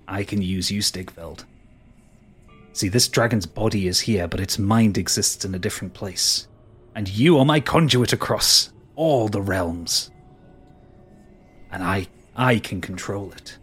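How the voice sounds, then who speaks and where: A man's voice: fairly low pitch, measured pace, long pauses, fairly bright tone, breathy edge, faint music behind. A man voicing a scheming, grandiose male sorcerer who talks in a smug, theatrical way. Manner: smug, theatrical, dismissive laughs.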